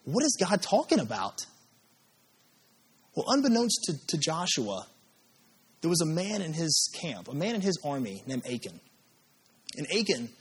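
A man delivers a sermon with a husky, breathy voice pitched a touch high. His delivery is animated and wide-ranging, swinging up and down as he dramatizes prayers and scripture. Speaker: pastor.

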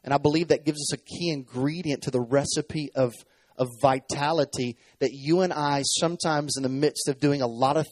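A man's voice: medium pitch, darkish tone, no room sound. A man in his thirties preaching a sermon from a stage, telling a personal story and acting out the dialogue. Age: 30s.

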